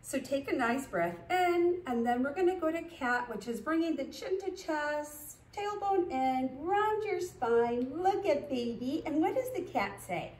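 A woman teaches a parent-and-baby yoga class, calling out poses at an easy, unhurried pace and slipping into sing-song baby talk. Her voice sits high. The sound is echoey and a little distant, as if picked up across a studio. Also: expressive, a little mellow. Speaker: yoga instructor.

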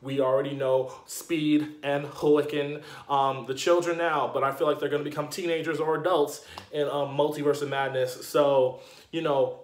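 A man giving a casual video review, ranting in an animated, indignant way with slang and lots of fillers. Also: mid-range voice, echoey room. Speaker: TV episode reviewer.

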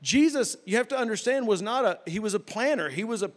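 A middle-aged man preaching a sermon as a folksy, animated storyteller who drops to a hush for quoted voices. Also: high-pitched, quick pace. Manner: folksy, animated, with loud sound effects and hushed quoted voices. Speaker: pastor.

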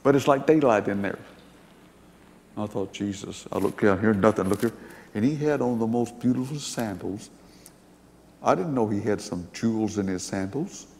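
A man's voice: on the low side, normal speed, pauses often, a little mellow, big-room sound, slight background noise. An older man telling a personal testimony to an audience in a folksy, rambling storytelling way. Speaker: speaker giving a testimony.

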